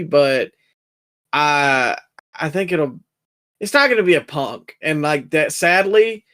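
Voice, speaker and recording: A young man co-hosting a casual wrestling review podcast, talking in an animated, sarcastic way. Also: a little high. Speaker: podcast co-host.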